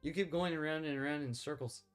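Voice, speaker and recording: A man's voice: on the high side, quick pace, smooth, faint music behind. A young man co-hosting a casual Bible discussion podcast, exasperated and keeps steering the talk back on topic. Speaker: podcast co-host.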